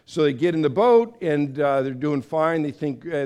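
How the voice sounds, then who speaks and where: Pastor, male, slightly high voice, lively sermon delivery, acts out the characters. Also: moderate pace, hardly any pauses, clean tone. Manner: animated storyteller, acts out voices with big pitch swings; conversational, with fillers and restarts.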